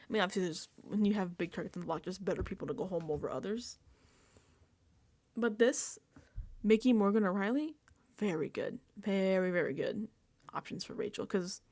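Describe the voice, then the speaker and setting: A woman doing casual recap commentary on her vlog, animated and profane and laughing often. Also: mid-range voice. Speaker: reality TV recap vlogger.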